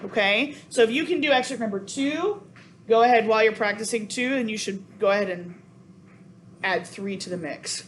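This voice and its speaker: A woman's voice: a little high, normal speed. A woman teaching a cello sectional, counting beats aloud and apologizing often. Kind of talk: coaching a sectional. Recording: noisy room sound.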